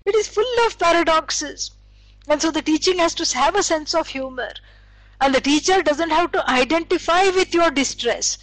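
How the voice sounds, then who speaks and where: A woman's voice: high-pitched, moderate pace, dry recording, poor audio. A woman teaching scripture, explaining with stories and acted quotes, using many fillers. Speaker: spiritual teacher. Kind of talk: scripture lecture.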